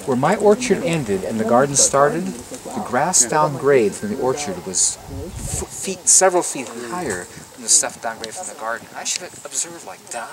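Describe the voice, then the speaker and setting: A lively man with an expressive, swinging voice tells garden stories to a group outdoors. He is recorded from a few steps away, and a crowd murmurs behind him. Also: medium pitch, recorded from a distance. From Los Angeles area, US. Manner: animated storytelling, repeats words when starting sentences. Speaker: gardener giving a tour. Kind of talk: casual outdoor talk to a tour group.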